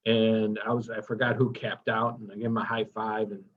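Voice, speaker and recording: A man's voice: fairly low pitch, level tone, normal speed. Chatty, upbeat man teaching a workshop. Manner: enthusiastic and chatty, asks the class questions. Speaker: workshop instructor. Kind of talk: casual training lecture. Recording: dull lo-fi recording.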